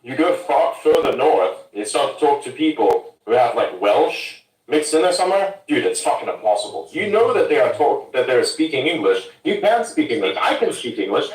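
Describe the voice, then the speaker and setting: A man's voice: medium pitch, sing-song, moderate pace, few pauses. A man from Germany ranting bluntly and swearing in a casual podcast chat. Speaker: podcast host. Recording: roomy sound from a distance.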